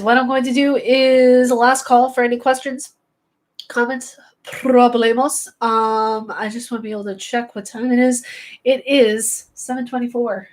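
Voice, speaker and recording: Giggly sarcastic woman streamer. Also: fairly high pitch. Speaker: streamer chatting with viewers. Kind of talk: casual live-stream chat.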